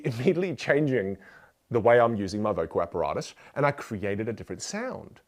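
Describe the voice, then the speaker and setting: A man's voice: mid-range voice, sing-song, brisk. A man teaching a motivational communication lesson, speaking playfully and directly to the listener. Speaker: communication coach.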